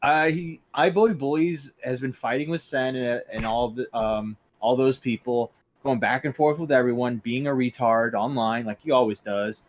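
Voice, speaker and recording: A man's voice: medium pitch, normal speed, few pauses. Rambling man recapping online drama. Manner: rambling, profane, restarts and fillers. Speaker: co-host. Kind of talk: casual podcast chat, recapping online drama.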